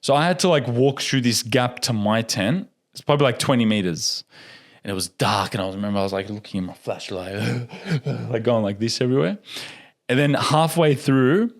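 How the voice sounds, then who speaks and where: A young man, a podcast guest, telling a story in a casual and animated way, laughing often and acting out what people said. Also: medium pitch, moderate pace.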